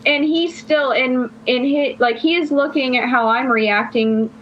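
A young woman with a high voice, speaking a little slowly, rambles through a long personal story during a casual podcast chat. "Like" fills her every phrase, and the sound is dull and lo-fi.

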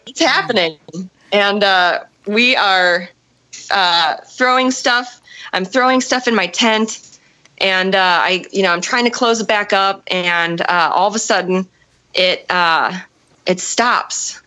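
A woman telling a story in casual chat, animated and profane, acting out the people in it. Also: mid-range voice, slow, rough recording. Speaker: storyteller on a podcast.

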